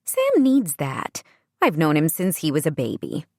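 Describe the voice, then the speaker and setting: A woman voicing an older family friend who speaks gently and reassuringly in a romance audiobook. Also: low voice, huge pitch swings, unhurried, dry recording, clean studio sound, full character voice.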